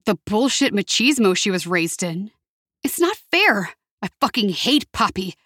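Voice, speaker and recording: A woman's voice: medium pitch, sing-song, unhurried, fairly bright tone, no echo, clean studio sound. A woman voicing a scared, angry young man who talks urgently. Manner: urgent and upset.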